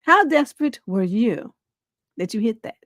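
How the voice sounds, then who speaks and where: A woman's voice: fairly high pitch, lively intonation, normal speed, no echo, studio quality. Laughing woman hosting a live stream. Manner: laughs often, reacts loudly, quotes people in playful voices. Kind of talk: casual live stream chat.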